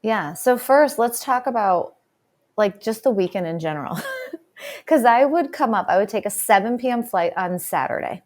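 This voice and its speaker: A woman guest on an interview podcast, a dentist and speaker, telling her story in a chatty, animated way. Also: a little high, moderate pace. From Charlotte, United States. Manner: chatty, animated, laughs often.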